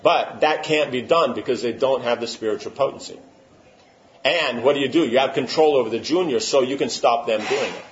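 This is a medium-pitched man speaking a little fast, a spiritual teacher holding an informal religious talk. He answers questions with emphasis and often checks in with "you know what I'm saying?" The recording sounds muffled and lo-fi.

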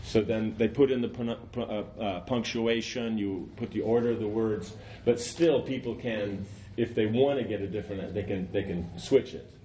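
A man's voice: fairly low pitch, moderate pace, hardly any pauses, dark tone, highs cut off, a little hiss or hum. A man teaching an informal class, rambling and conversational, often saying "you know".

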